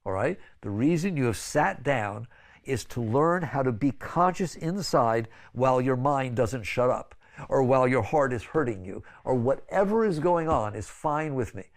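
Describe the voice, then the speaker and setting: With lively intonation and a moderate pace, an older man gives a conversational, pleading spiritual talk. He often asks "right?" and jumps to sudden high exclamations when portraying others.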